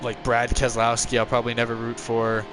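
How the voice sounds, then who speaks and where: A man's voice: mid-range voice, a little fast, over music. A tired young man chatting casually with viewers while he streams a racing game on a headset mic. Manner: relaxed, rambling, answers viewer chat. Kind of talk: casual live-stream chat.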